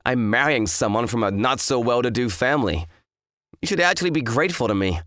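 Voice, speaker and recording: A man's voice: mid-range voice, animated, brisk, fairly bright tone, no echo, clean studio sound, soft background music, natural voice. A man voicing an arrogant, hungover young fiancé who talks in a smug, dismissive drawl. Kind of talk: dramatized story voice acting.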